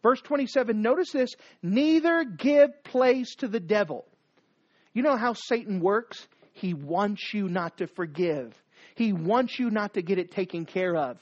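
This preacher delivers an unhurried sermon, his lively voice climbing and dropping widely in pitch. Rhetorical questions and repeated commands keep pressure on his listeners, and the audio is dull and lo-fi.

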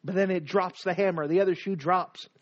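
A man preaching a sermon, retelling the passage with dramatic, animated storytelling. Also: sits high, brisk, highs cut off. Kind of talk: expository sermon.

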